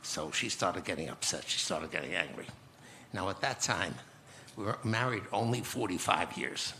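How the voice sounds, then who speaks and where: A man in his eighties telling a personal story slowly and reflectively as a guest in a conference interview, often restarting his phrases. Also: sits low, animated, creaky, bright, forceful tone, a little hiss or hum. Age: 80s. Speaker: guest speaker.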